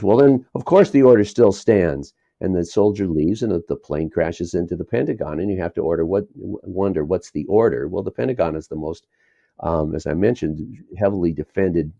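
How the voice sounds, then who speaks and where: A low, gravelly man with a warm, dark tone talks in a lively, rambling way and drifts from point to point. His voice rises and falls a lot as he chuckles between thoughts. The recording is dull and lo-fi with a dry sound. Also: normal speed, dry recording. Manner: rambling, digressive, chuckles while talking. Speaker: documentary filmmaker, guest. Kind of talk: casual interview talk.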